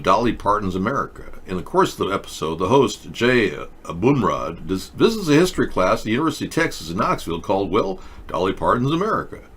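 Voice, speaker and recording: Sarcastic male host with a lively low voice. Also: husky. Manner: mocking, sarcastic, reads aloud in a flat mumble. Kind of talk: casual comedic commentary.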